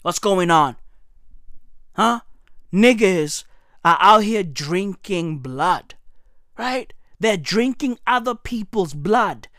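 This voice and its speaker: A woman's voice: mid-range voice, expressive, takes it slowly, long pauses, dry recording, clean studio sound. Incredulous woman ranting. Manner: incredulous, exaggerated, swings into shouting. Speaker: comedic commentator. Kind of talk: comedic rant to camera.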